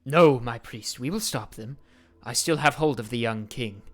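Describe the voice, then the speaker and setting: A man's voice: medium pitch, fairly bright tone, close to an everyday voice. A man doing a fervent female cult leader. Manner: fervent, deliberate speech.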